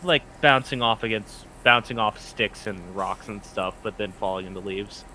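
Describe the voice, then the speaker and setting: A man's voice: lowish voice, moderate pace, sharp tone, a little hiss or hum, low-quality recording. A man narrating as game master of a tabletop game in an easygoing, descriptive way.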